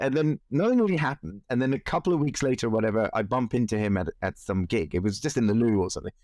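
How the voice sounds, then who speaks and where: A man in his forties, a musician being interviewed, telling animated stories with frequent laughs. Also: mid-range voice, quick pace, hardly any pauses, dry recording, studio quality. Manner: animated anecdotes, laughs often, acts out quoted voices. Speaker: musician guest. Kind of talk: casual interview storytelling.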